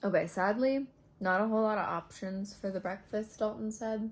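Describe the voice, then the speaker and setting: A woman's voice: medium pitch, moderate pace, background noise. A woman chatting in a casual vlog from a hotel room, rambling with lots of fillers and swearing freely. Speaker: vlogger.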